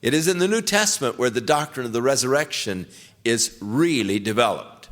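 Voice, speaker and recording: An older man who is a pastor teaches through the Bible verse by verse, retelling scripture conversationally in casual everyday words. His medium-pitched voice is lively, slightly bright and a little fast.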